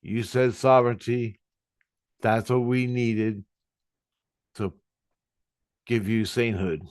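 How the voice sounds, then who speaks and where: A man voicing an awed, insistent male divine spirit who talks in an excited, repetitive way. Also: mid-range voice, takes it slowly, dry recording, studio quality, close to an everyday voice.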